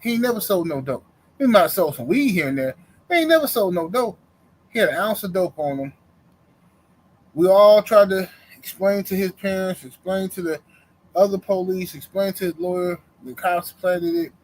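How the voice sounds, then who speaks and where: A man's voice: high-pitched, normal speed, rough recording. A middle-aged man in casual chat, animatedly telling a personal story in slang-heavy everyday speech and acting out the other people's voices. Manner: animated storyteller, acts out the voices in his stories. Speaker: co-host.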